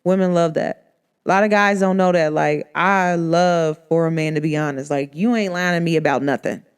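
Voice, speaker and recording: A woman's voice: lowish voice, normal speed, clear, resonant tone. A woman hosting a podcast, talking casually and acting out the people in her stories. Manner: animated storytelling, acts out quoted people. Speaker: podcast host. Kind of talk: casual monologue.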